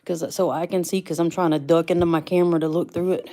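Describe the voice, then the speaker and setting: Lady rambling to her stream chat, gravelly low-ish tone, greets everybody. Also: flat delivery, quick pace, warm tone. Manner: chatty, greets viewers by name, laughs easily. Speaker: livestream host unboxing rocks. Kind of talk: casual livestream chat.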